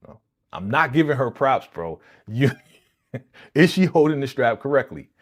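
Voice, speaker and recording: A young man hosting a live reaction stream, talking casually and excitedly with slang and lots of laughter. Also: medium pitch, normal speed. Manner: animated, laughing, slangy, recaps with quoted lines.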